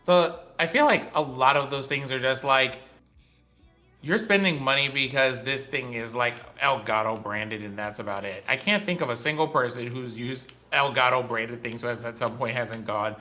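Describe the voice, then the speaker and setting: A man's voice: mid-range voice, normal speed, faint music behind. A man in his forties co-hosting a casual gaming podcast, telling stories with playful teasing. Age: 40s. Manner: animated storyteller, playful teasing. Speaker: podcast co-host. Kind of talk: casual chat.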